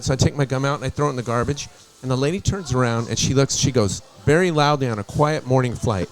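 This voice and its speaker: A man telling stories in casual chat, acting out quotes with lively energy. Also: medium pitch, a little fast. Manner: animated storyteller, acts out quotes. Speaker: radio host.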